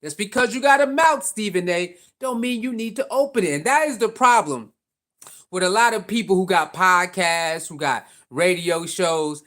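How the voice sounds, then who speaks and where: This is a sports commentator talking straight to camera in a casual, opinionated vlog. The voice sits at a middling pitch and keeps circling back with rhetorical questions and repeated points. The speech is loose and slangy throughout. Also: normal speed, a bit bright.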